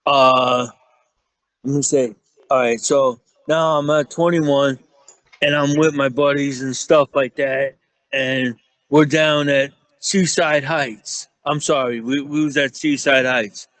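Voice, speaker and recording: A man's voice: mid-range voice, fairly even intonation, slow, a bit bright, dry recording, low-quality recording. A man from Staten Island with a New York accent, telling rambling, profane stories in casual chat and acting out the quotes. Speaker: guest storyteller.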